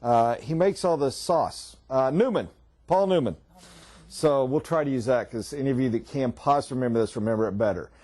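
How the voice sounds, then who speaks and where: Middle-aged man, sales trainer, emphatic, folksy, mellow tone, meeting room. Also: mid-range voice, fairly quick. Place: meeting room around a table.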